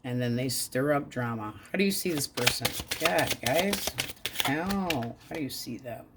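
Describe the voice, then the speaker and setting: A woman's voice: a bass voice, animated, a little slow, heavy background noise. A woman giving a casual tarot reading, talking bluntly and crudely in a frank, offhand way. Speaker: tarot reader.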